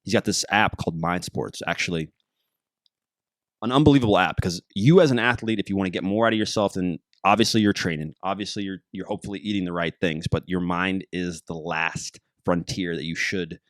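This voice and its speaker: A man with a very low voice hosts a casual podcast, recorded close and dry. He jokes around, gets excited and keeps wandering off track. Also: fairly quick, dry recording. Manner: excitable, jokey, easily sidetracked. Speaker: podcast host. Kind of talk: casual rambling podcast monologue.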